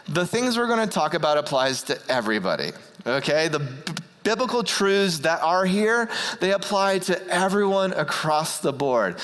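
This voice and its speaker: A man preaching a sermon, often halting and repeating words as he starts a phrase. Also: fairly high pitch, fairly bright tone. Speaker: pastor. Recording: church hall reverb.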